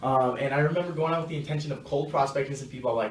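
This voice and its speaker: Fast-talking young man, roomy echo. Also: mid-range voice, a little hiss or hum. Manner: chatty, frank, acts out quoted dialogue. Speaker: network marketing vlogger. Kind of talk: casual direct-to-camera advice. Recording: roomy echo, mic at a distance.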